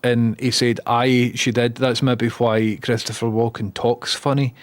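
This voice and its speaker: A man's voice: medium pitch, flat delivery, unhurried, dry recording. A man with a Glaswegian accent streaming casually, swearing and muttering as he fixes his tech. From Scotland. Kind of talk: casual live-stream chat.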